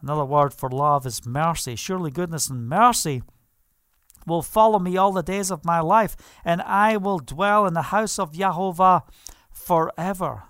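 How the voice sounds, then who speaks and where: A man's voice: fairly high pitch, moderate pace, fairly bright tone, no room sound, clean studio sound. A man preaching a sermon, fervent, asking the listeners questions and laughing now and then. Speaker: pastor.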